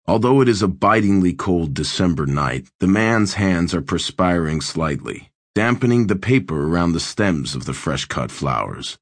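A man with a deep, low voice reads an audiobook in a measured, wry way. The sound is close and dry, with no room around it. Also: animated, no echo. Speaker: audiobook narrator. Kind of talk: scripted audiobook narration.

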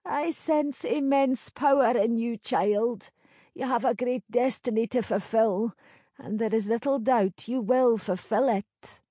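Woman voicing a slow, knowing old crone seer. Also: fairly high pitch, mellow, breathy edge, no room sound, studio quality, voice pushed up. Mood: cryptic. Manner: slow, knowing, archaic speech. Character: wise old female crone seer, cryptic.

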